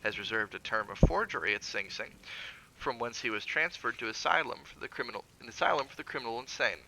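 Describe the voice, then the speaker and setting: A man playing a cold, commanding schemer who reads out a man's record in crisp, imperious tones. The voice is bright and gravelly and often rises into sharp calls. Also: mid-range voice, expressive, fast talker, a little hiss or hum, poor audio. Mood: cold reading. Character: sinister, commanding older man reading a ledger.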